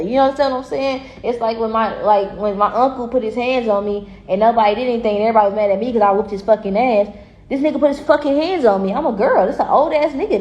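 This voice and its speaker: A woman giving a casual tarot reading, talking bluntly and profanely in an animated way and laughing often. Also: a little high, lo-fi sound. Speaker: tarot reader. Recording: echoey room.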